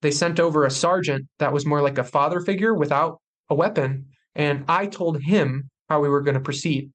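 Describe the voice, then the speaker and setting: A man's voice: fairly high pitch, normal speed. A young man on a podcast, telling a personal story with intensity and acting out what others said. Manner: intense, animated retelling with acted quotes. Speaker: podcast guest.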